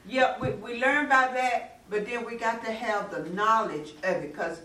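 A woman's voice: on the high side, moderate pace, pushed and bright. Earnest woman in echoey far-off room. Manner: earnest, emphatic, folksy. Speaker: church discussion participant. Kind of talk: casual faith discussion. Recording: echoey room, mic far off, faint noise.

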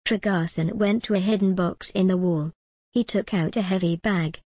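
A woman narrating a simple storybook in a plain, measured way. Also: mid-range voice, steady tone, darkish tone, dry recording.

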